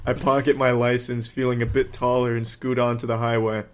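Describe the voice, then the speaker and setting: A man's voice: medium pitch, level tone, fairly quick, a little hiss or hum. A man co-hosting a podcast, laughing often and reading listener letters playfully. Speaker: podcast co-host.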